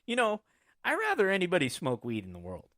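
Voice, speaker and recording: A man's voice: sits high, huge pitch swings, brisk, pushed and bright, no room sound, clean studio sound. A man hosting a casual podcast, telling stories in a profane, rambling way. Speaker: podcast host. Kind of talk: casual chat.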